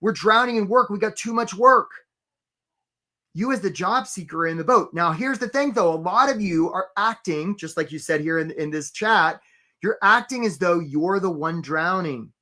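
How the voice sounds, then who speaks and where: A man leads a live career-coaching webinar with plenty of energy. His voice is bright and forceful. He keeps the audience engaged with quick asides and constant "right?" check-ins. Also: high voice. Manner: energetic, peppered with "right?", greets chat names.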